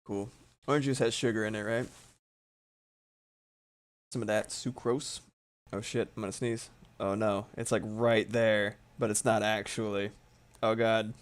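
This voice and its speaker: A man's voice: fairly low pitch, level tone, unhurried, long pauses. A man chatting casually on a live stream while he draws, rambling, swearing freely and mocking himself, yawning now and then. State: sleepy, yawning. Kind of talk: casual chat while drawing.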